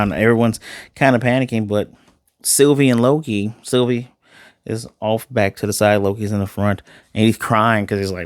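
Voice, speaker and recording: Speaking at a moderate pace with a steady tone, this TV reviewer from Chicago gives an enthusiastic, casual spoken rundown of an episode, repeating himself often. His voice sits on the low side, and the recording is dry and studio quality.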